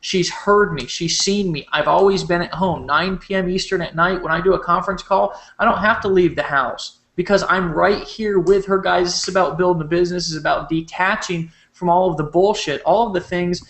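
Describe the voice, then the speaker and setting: Brief: man, fiery profane sales rant, high voice, echoey home webcam. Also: steady tone, brisk, hardly any pauses, a bit bright. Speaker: host of a late-night marketing webcast. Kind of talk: impassioned sales pitch.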